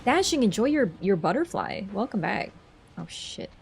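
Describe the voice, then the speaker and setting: Lively chatty young streamer woman. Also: medium pitch, normal speed, gravelly, slight background noise. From Canada. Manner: chatty, rambling, with frequent fillers. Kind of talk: casual livestream chat.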